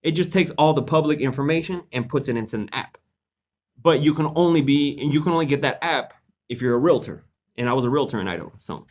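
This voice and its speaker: This young livestream host has a fairly high pitch, lively intonation and a quick pace. He fields viewer questions casually, joking around in slang and laughing frequently.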